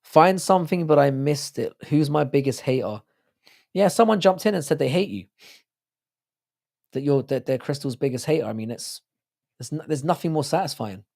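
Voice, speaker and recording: A man's voice: on the high side, vocal fry, darkish tone. A man hosting a livestream, rambling profanely in casual chat and reading out viewer comments. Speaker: livestream host.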